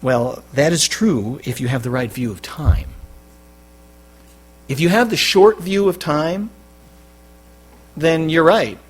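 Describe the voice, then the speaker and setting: A man's voice: a little high, slow, long pauses, breathy edge. Emphatic male pastor preaching. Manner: emphatic, swinging between loud stresses and quiet drops. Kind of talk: sermon. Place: church.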